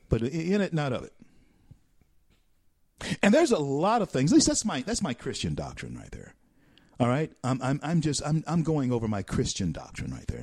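An American man hosting a talk show, delivering an animated, preacherly monologue with repeated phrases. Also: mid-range voice, husky, dry recording, studio quality. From United States.

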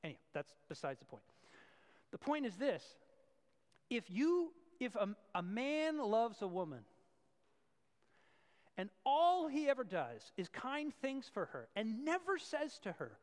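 A male pastor preaching a sermon, switching between loud emphatic points and quiet asides. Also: very high-pitched, big pitch swings, a little slow, pauses often, long reverb tail.

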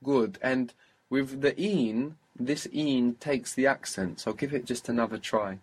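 A man's voice: mid-range voice, measured pace, a little mellow, husky. A man teaching a spoken language lesson, patiently coaching pronunciation step by step.

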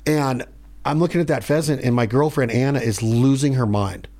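A man hosting a podcast in a studio, telling stories in a rambling, animated way. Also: medium pitch, moderate pace. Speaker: podcast host. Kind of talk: casual chat.

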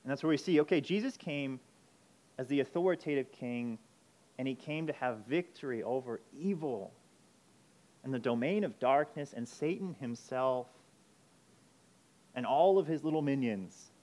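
A man preaching a sermon, emphatic, moving between urgent loud passages and quiet intense ones. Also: mid-range voice, lively intonation, normal speed, long pauses. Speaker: pastor.

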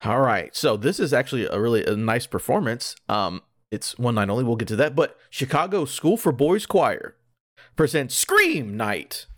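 Male podcast co-host, deadpan ad-read style, dry close recording. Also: medium pitch, normal speed, dry recording. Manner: dry, deadpan delivery of absurd sponsor copy. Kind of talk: comedic podcast banter, deadpan ad reads.

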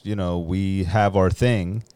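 A man in casual chat, musing in a philosophical way with drawn-out phrases and many fillers. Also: low-pitched, fairly even intonation, a little mellow, clear, resonant tone, no echo.

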